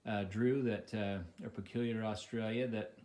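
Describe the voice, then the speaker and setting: Halting American man hosting home video. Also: on the low side, fairly even intonation, a little mellow. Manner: halting, many fillers and restarts. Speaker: interviewer. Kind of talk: casual home video interview. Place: living room of a home.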